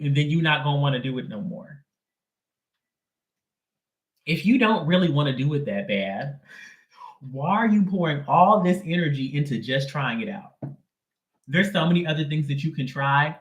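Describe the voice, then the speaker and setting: A man's voice: fairly high pitch, reverberant. A man giving a casual live tarot reading in a sassy, slangy, emphatic way. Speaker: tarot reader.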